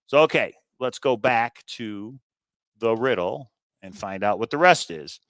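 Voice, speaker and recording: A man's voice: medium pitch, expressive, measured pace, fairly bright tone, no room sound. Chatty man thinking aloud, dry sound. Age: adult with kids. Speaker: treasure hunt video host. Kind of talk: casual walkthrough commentary.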